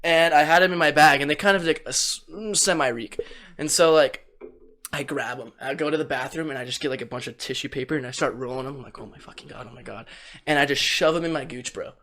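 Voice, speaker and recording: A young man with a slightly high voice, chatting casually on a podcast. He rambles through a story, laughing often and filling his talk with "like" and "dude". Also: fast talker, bright, forceful tone. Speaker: podcast guest.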